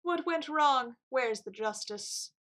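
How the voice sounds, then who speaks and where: A brooding male bird who is a defense lawyer, dry and gloomy in his delivery, as a woman reads him. The tone stays bright and fairly high. A game read aloud. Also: expressive, takes it slowly, exaggerated voice.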